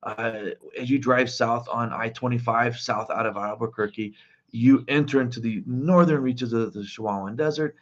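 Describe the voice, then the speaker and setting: A man's voice: medium pitch, steady tone, moderate pace, lo-fi sound. A man teaching a biology class in a casual, rambling way, recording his lecture outdoors in a forest. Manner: chatty, rambling, with fillers.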